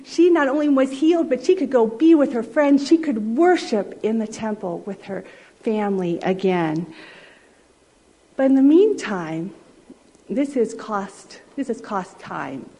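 A woman preacher giving a sermon as a story, gentle and often dropping to a soft hush. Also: mid-range voice, measured pace, slightly rough, rough recording.

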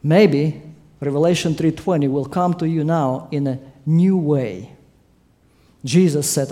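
A male preacher delivering a sermon with a fairly high, warm voice. He speaks emphatically and swells to loud peaks when making his points. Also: measured pace.

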